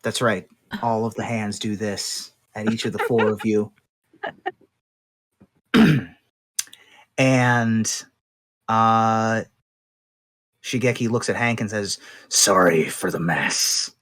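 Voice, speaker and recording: A woman narrating as game master in a tabletop game, playful and animated with her players. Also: a bass voice, slow pace, long pauses.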